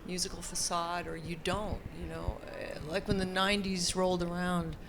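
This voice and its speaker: A woman's voice: lowish voice, little pitch movement, moderate pace, background noise. A woman guest on a convention panel, talking in a laid-back, blunt way. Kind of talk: casual chat on a convention panel.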